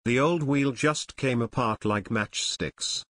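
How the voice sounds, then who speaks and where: A man voicing an impulsive, eager teenage boy detective, quick to protest. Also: medium pitch, fairly bright tone.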